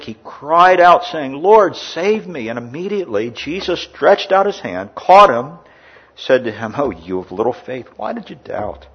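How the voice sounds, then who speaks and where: A man preaching a sermon in a church, rising loud in the story and dropping quiet for asides. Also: fairly low pitch, breathy edge, dull audio. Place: indoor air-conditioned church.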